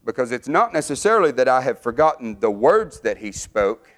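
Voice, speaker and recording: A middle-aged man preaching a sermon, fervent, his voice climbing higher and louder as he builds. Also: big pitch swings, fairly quick.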